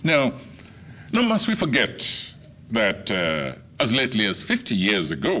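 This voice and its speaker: An older man from Nigeria delivers a formal lecture with a low, bright voice. His pitch rises and falls widely as he lands each point. The delivery is measured and oratorical. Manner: measured, oratorical delivery with wide swings in emphasis.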